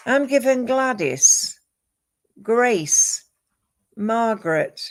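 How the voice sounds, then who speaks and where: A woman giving a live psychic reading, calm and measured, listing names and images one at a time. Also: a little high. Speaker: psychic medium.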